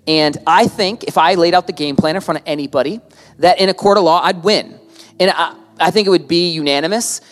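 A man preaching a sermon in a church hall, telling stories in a lively way, quoting others and playing with words. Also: a little high, fairly quick. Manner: lively storytelling, quotes others, plays with words.

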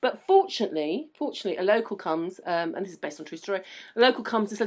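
A woman's voice: medium pitch, lively intonation, darkish tone. A woman co-hosting a casual chat, musing aloud and finishing her partner's sentences. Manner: quick, chatty, muses aloud and finishes the other host's sentences. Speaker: podcast co-host. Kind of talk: casual chat recapping a TV episode.

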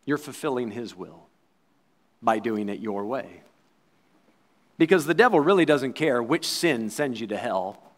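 A man preaching a sermon, quoting scripture and acting out voices, swinging between loud bursts and quiet asides. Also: medium pitch, animated, unhurried, long pauses. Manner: acts out quoted voices and crowd replies.

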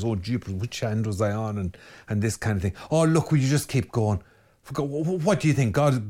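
Urgent exhorting Irish priest. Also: male voice, mid-range voice, a little mellow. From Ireland. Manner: urgent, exhorting, direct address with rapid commands. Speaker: Catholic priest. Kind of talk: spoken sermon on prayer.

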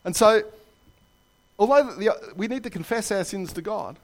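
A man preaching a sermon in a church, telling jokes and stories with lively asides. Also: sits high, normal speed. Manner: animated storytelling with jokes and asides. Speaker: pastor.

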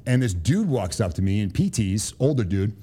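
A man's voice: fairly low pitch, sing-song, normal speed, warm tone, slightly rough. A man with a Boston accent, a guest on an interview podcast, telling stories casually and animatedly, swearing freely and tagging lines with "right?". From Boston, USA. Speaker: podcast guest, Army Special Forces officer.

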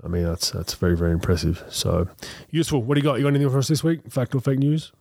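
Quick-talking guy on a podcast, animated, dry mic sound. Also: medium pitch, vocal fry, no echo. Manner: fast, animated storytelling with laughs. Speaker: podcast co-host and youth basketball coach. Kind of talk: casual chat.

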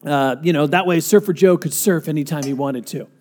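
A man's voice: on the high side, a little fast, a little mellow. A male pastor preaching a sermon in a conversational, storytelling way, asking the congregation questions.

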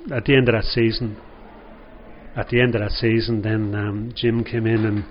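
A man's voice: on the low side, little pitch movement, moderate pace. Older irish guy rambling through old football stories, lots of "you know", dull recording with a bit of hiss behind. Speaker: former footballer guest. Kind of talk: storytelling interview.

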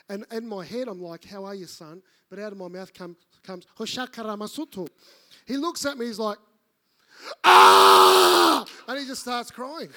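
A man preaching a sermon, telling stories and acting out the voices of the people in them. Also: sits high. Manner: animated, acts out voices in his stories. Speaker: pastor. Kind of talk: sermon with storytelling.

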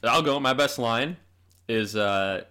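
A man co-hosting a casual TV recap podcast, dropping quick joking asides. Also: mid-range voice, sharp tone, clear, resonant tone. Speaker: podcast co-host. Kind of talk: casual chat.

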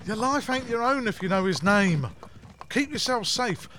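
A man's voice: high-pitched, lively intonation, normal speed, pushed and bright, a little hiss or hum. An actor playing a cornered, blustering male crook. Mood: threatening. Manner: blustering, then pleading.

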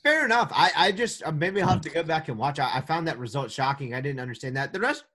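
A man co-hosting a casual sports podcast, talking in an animated, joking way with quick restarts. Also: a little high. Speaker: podcast co-host.

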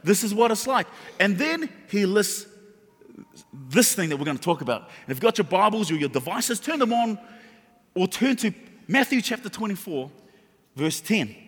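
A man's voice: sits high, big pitch swings, moderate pace, long pauses, fairly bright tone, husky. A man preaching a sermon, impassioned and emphatic, repeating his key phrases. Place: church hall. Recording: long reverb of a large hall.

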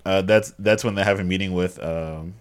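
A man co-hosting a casual movie review chat, dropping dry, quick wisecracks. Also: deep voice, fairly even intonation, a little hiss or hum. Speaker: podcast co-host.

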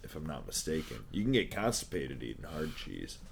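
A man's voice: extremely low pitch, very animated, brisk, vocal fry, slight background noise. A young man hosting a casual chat, laid-back and jokey, laughing along easily. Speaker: podcast host.

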